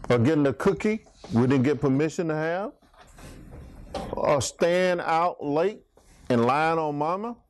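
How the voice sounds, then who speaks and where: A man's voice: fairly high pitch, a little hiss or hum. A middle-aged man preaching an interactive Bible study, telling stories and chatting back and forth with his congregation.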